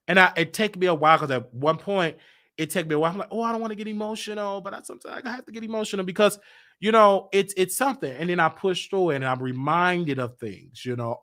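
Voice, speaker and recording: A man's voice: high-pitched, pushed and bright. A man hosting his show, talking candidly and confessionally about his life and repeating himself as he works through it. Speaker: show host. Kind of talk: candid personal livestream talk.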